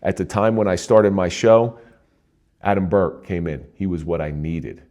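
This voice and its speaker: A middle-aged man with a low, dark, mellow voice shares his story as a guest in earnest, conversational talk. He often restarts his sentences and lifts sharply in pitch when a point excites him. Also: moderate pace. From New Jersey. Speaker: interview guest, retired police officer. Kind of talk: candid personal storytelling.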